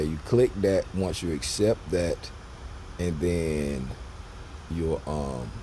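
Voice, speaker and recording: Trading teacher, male, deep and warm tone, loose repetitive delivery. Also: a little hiss or hum. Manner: loose and rambling, repeats himself, talks to viewers directly. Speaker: trading educator. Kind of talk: casual screen-share trading lesson.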